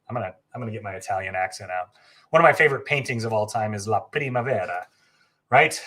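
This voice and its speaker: Talking fast with lively intonation, a man with a lowish, somewhat bright voice hosts a casual travel live stream for a travel agency. He's chatty and eager, correcting himself often and using plenty of fillers.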